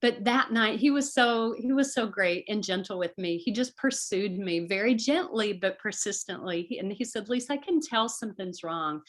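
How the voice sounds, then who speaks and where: Middle-aged woman, earnest talk-show guest, mid-pitched, animated in quotes. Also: moderate pace, hardly any pauses. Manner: earnest, acts out voices in quotes. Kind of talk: conversational advice talk.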